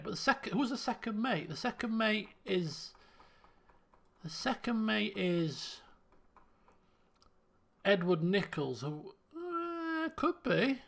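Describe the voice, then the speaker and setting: A man's voice: high voice, vocal fry, fairly bright tone. A man giving casual live-stream commentary while playing a game, chatting and thinking aloud as he works through puzzles.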